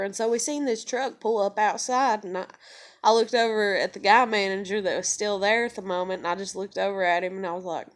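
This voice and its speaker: A woman's voice: mid-range voice, a little fast. A woman vlogger talking through a casual personal monologue, rambling with lots of fillers and heavy swearing.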